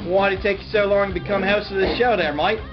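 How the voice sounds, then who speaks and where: A man's voice: sits high, fairly even intonation, fast talker. A man, a guest driver joking through comedic banter in heavy slang. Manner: jokey, laid-back, heavy slang. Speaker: guest race team driver. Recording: dull lo-fi sound with music behind.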